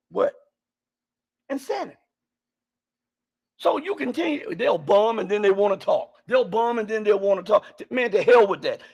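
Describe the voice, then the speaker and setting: A man's voice: very high voice, vocal fry, slightly rough, lo-fi sound. A man giving heated, impassioned political commentary, firing off rhetorical questions and often raising his voice. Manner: heated, repetitive, rhetorical questions, bursts of shouting. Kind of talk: impassioned live-stream commentary.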